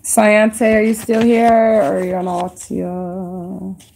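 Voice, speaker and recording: A woman reads tarot for viewers on a live stream, chatty and excitable, with slang and drawn-out emphasis. Her voice is mid-range and creaky, and a little hiss or hum sits under the recording.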